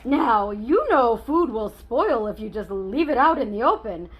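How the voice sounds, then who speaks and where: A woman's voice: on the high side, very animated, a little slow, slightly rough, pitched below the performer's own voice, heavily acted, rough recording. A woman reading a children's book aloud as a chatty, wry male wolf telling his side of the story.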